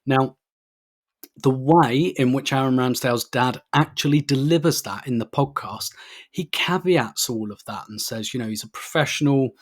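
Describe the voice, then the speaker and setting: A man's voice: medium pitch, normal speed. A man co-hosting a casual podcast, talking at length with frequent laughs and restarts. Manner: rambling, laughs often, many restarts. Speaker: podcast co-host.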